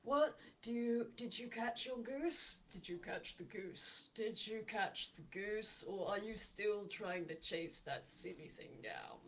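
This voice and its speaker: A woman voicing a smug male bird-man who drawls slowly and teases with mock praise. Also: medium pitch, animated, fairly bright tone, slight background noise.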